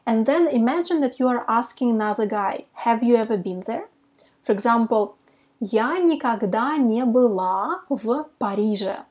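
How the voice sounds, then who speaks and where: Casting: woman language teacher, native Russian speaker, fairly high voice, unhurried, enunciates carefully. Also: darkish tone. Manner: slow, careful pronunciation of example phrases. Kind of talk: casual online language lesson.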